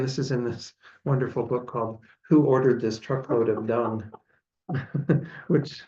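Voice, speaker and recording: A man, a Buddhist teacher, giving a relaxed, chatty dharma talk with frequent laughs. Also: medium pitch. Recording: dull lo-fi sound.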